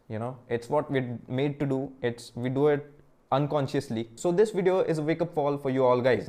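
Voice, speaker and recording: A young man doing crude stand-up comedy alone in his room into a camera. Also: on the high side. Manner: crude, deadpan-to-excited comic delivery. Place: own room. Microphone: camera mic.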